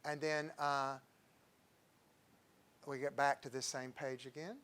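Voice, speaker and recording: A man's voice: mid-range voice, level tone, takes it slowly, a bit bright, smooth. A man, a doctor giving an informal health talk, chatty and digressive and telling patient stories.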